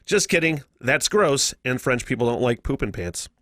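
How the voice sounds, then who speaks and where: American male podcast host, lively pitch, cursing and laughing, bone-dry close mic. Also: moderate pace, no room sound. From United States. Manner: profane, laughing, animated. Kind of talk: casual solo podcast chat.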